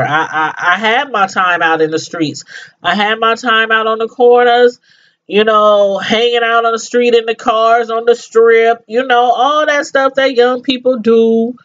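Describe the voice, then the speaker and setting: A woman's voice: mid-range voice, fairly bright tone, dull audio. A middle-aged woman vlogging casual commentary to her viewers, emphatic and informal, repeating phrases for effect. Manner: addresses viewers directly, informal slang.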